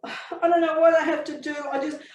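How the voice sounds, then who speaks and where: A woman voicing a violent husband who shouts, then pleads remorsefully, recorded in a roomy space from a distance. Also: sits high, level tone, a little fast, pitched above the performer's own voice, natural voice.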